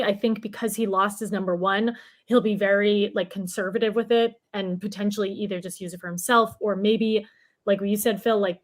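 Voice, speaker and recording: Chatty slightly high-voiced woman co-host. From Boston area, USA. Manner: chatty, full of "like" fillers. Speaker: podcast co-host. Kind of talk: casual podcast chat.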